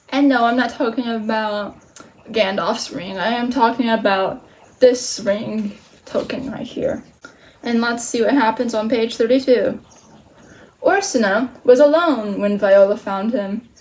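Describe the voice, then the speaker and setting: A woman's voice: on the high side, rough recording. Playful woman reading a storybook aloud. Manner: playful, animated, slangy. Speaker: storytime channel host. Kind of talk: reading a children's book aloud with chatty asides.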